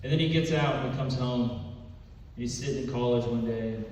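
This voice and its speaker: A man performing a stand-up comedy set, telling a story in a deadpan way and dropping low and quiet for punchlines. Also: normal speed, very echoey, big-room sound, far from the mic, slight background noise, rough recording. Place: comedy club stage.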